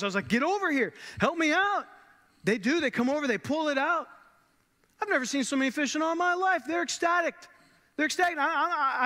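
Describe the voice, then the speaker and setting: A man playing a male fisherman disciple in the first person, telling the story in a casual, halting way, with long church reverb. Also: high-pitched, sharp tone. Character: grown male fisherman disciple, plainspoken and awestruck. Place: church sanctuary.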